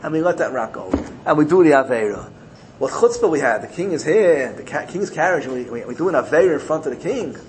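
A man gives a sermon by telling parables with animated energy, repeating key phrases to drive the point home. His speaking voice sits a little higher than most men's. A faint hiss of noise runs under the recording. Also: fast, rough recording. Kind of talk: sermon built on told parables.

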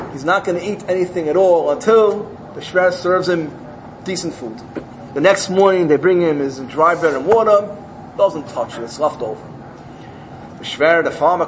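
Teacher type: man with a high-ish voice, animated parable storyteller. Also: a little hiss or hum, low-quality recording. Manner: animated storytelling, acts out characters. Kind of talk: telling a parable in a religious talk.

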